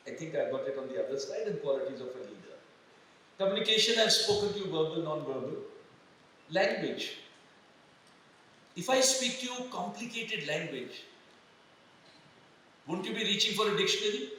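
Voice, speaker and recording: A man's voice: high voice, a bit bright, slight background noise. An older man with an Indian English accent giving a motivational leadership lecture to students, questioning the audience and slipping into Hindi phrases. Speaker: retired army general giving a leadership talk. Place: large hall. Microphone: microphone through speakers. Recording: echoey hall, voice from a distance.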